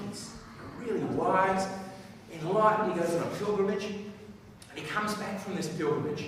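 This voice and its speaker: A man giving a motivational talk on stage, animated and coaxing the audience to answer back. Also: sits high, a little hiss or hum. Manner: animated, coaxing the crowd into call-and-response. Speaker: motivational speaker. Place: large hall with a live audience. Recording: echoey hall, voice picked up from a distance.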